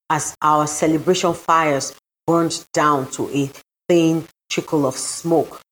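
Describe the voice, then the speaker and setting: A woman's voice: low voice, low-quality recording. A woman narrating a first-person story, reading in an earnest, dramatic way.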